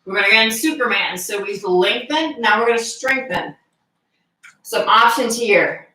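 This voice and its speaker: A woman fitness instructor leading a live exercise class, calmly giving cues and counting reps aloud. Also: a little high, moderate pace. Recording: echoey room, voice from far off.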